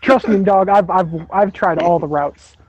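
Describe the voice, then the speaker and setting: A man's voice: sits high, normal speed, no echo. A man co-hosting a livestream, telling a rambling story in a laid-back way. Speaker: co-host. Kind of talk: casual chat. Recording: dull lo-fi call audio.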